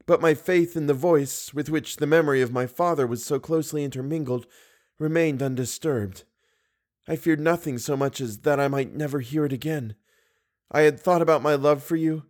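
A man reading the part of a devoted, fearful young woman singer in a measured, earnest audiobook reading. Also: fairly high pitch, a little mellow, close to an everyday voice.

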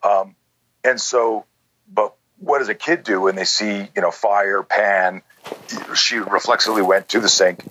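Deep husky-voiced man in his sixties. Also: fairly bright tone, no echo, dull audio. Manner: rambling, lots of "you know" and "like". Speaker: self-defense instructor, guest. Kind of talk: conversational storytelling.

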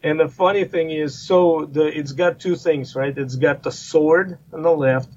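A man's voice: a little high, fairly even intonation, a little slow, a little mellow. A man in a casual podcast discussion, talking in a rambling way with many fillers and restarts. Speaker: guest firearms expert. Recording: slightly muffled line with faint noise.

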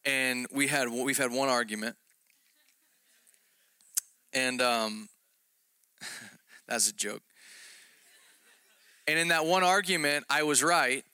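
A man's voice: medium pitch, takes it slowly, pauses often, sharp tone, clear, resonant tone, no echo. A man preaching a conversational sermon, telling a story about himself with self-deprecating jokes.

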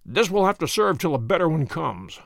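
A man's voice: on the high side, very animated, normal speed, gravelly, dry recording, studio quality. Sherlock Holmes, firm and cool, read by a man. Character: cool, firm master detective.

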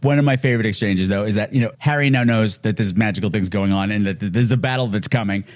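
A man's voice: lowish voice, fast. A man co-hosting a casual film podcast who talks emotionally and often stumbles and repeats words. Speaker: podcast co-host.

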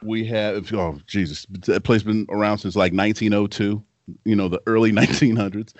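A man co-hosting a podcast in casual chat, telling animated stories and laughing often. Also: on the low side, normal speed, no echo. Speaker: podcast co-host, former football player. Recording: dry, dull lo-fi sound.

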